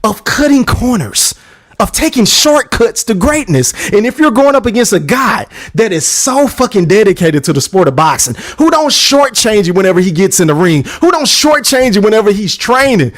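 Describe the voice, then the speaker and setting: A man's voice: high voice, very animated, normal speed. A man hosting a podcast, delivering a profane, emphatic boxing rant and repeating lines for effect. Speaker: podcast host.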